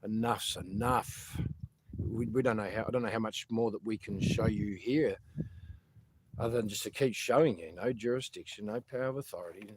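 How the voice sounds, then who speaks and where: An earnest Australian man rambles through a casual talk to his viewers, dropping "mate" into nearly every sentence. His voice sits fairly low, with a faint hiss of background noise. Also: a little fast.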